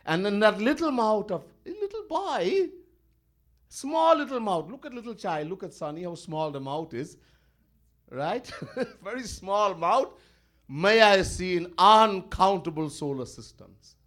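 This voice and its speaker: Animated swami. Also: male voice, high-pitched, a little slow. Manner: animated, with frequent chuckles. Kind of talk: devotional storytelling sermon.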